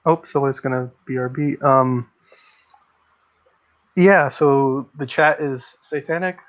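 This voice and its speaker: A man's voice: medium pitch, fairly even intonation, slow pace, muffled recording. A man hosting a casual livestream discussion, speaking bluntly and with strong opinions as he reads out comments from the chat. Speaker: livestream host.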